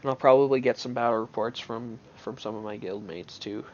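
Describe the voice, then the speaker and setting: A man's voice: mid-range voice, fairly even intonation, brisk, lo-fi sound. A man giving casual gameplay commentary on his own match, thinking aloud in an offhand way with many restarts.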